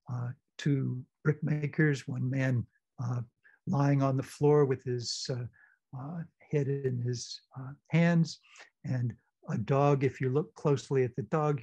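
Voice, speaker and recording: A man leading a literature discussion, talking hesitantly with many fillers and then reading passages aloud in a measured way, heard over a video call. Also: mid-range voice, mellow, slightly rough. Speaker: discussion leader, professor. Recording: dull lo-fi video call audio.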